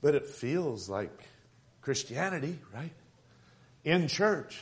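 A man's voice: fairly high pitch, big pitch swings, takes it slowly. Joking conversational male preacher. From Tucson, Arizona. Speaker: pastor. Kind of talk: sermon.

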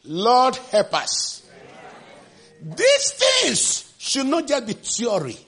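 A man preaching a sermon with passion, shouting refrains and acting out the scripture quotes. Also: huge pitch swings, very slow, breathy edge. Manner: acts out quotes with sudden pitch jumps.

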